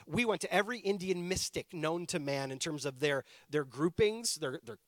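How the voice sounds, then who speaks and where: A man in his thirties from Canada, a pastor telling a personal story in a chatty, animated sermon style. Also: fairly high pitch, normal speed, no echo, clean studio sound.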